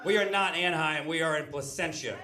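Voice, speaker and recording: A man's voice: a little high, brisk, very noisy. A middle-aged man performing stand-up comedy in a brewery, telling stories and acting out the characters in them. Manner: animated storytelling, acting out characters in quoted voices. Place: brewery venue before a live audience.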